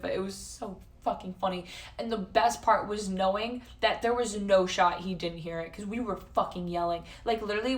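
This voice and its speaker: A woman's voice: medium pitch, recorded from a distance. Young woman, streamer, rambling chat full of swearing and filler "like", voice worn thin, set back from the mic. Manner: chatty, swears a lot, says "like" constantly. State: losing her voice. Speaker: livestreamer.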